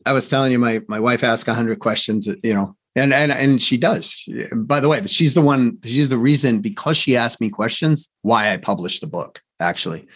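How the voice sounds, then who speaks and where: A male sales coach being interviewed, with a voice of ordinary middle pitch. He tells stories in a rambling, energetic way. He restarts his sentences often and keeps checking in with "right?". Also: normal speed, few pauses. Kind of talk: conversational interview storytelling.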